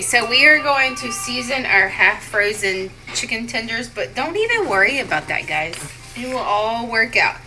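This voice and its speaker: A woman's voice: on the high side, poor audio. A woman, chatting with viewers in a casual home cooking vlog from her kitchen. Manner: chatty, addresses viewers as y'all and guys.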